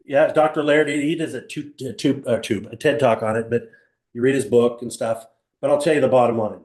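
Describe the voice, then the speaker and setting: A man's voice: mid-range voice, a little fast, roomy sound. An older man teaching a live motivational seminar to an audience in a small room, telling stories and asking the audience questions. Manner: animated storyteller, rhetorical questions, acts out other people.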